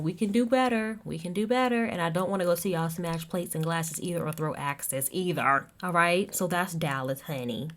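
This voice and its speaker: Sassy young Southern woman hosting a casual recap show, low voice, chatty. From American South. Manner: sassy, chatty, acts out quotes. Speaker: podcast host.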